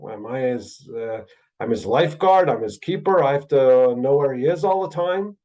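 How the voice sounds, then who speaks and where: A man's voice: mid-range voice, animated, normal speed, dark tone, natural voice. A man lecturing on scripture briefly voices an ancient man who dodges blame with indignant rhetorical questions. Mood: defiant.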